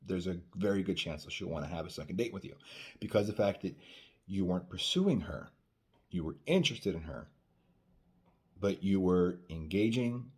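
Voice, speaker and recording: A dating coach talks casually to the camera in an advice monologue, often tossing in "right?" and acting out quoted dialogue. His voice is deep with a darkish tone.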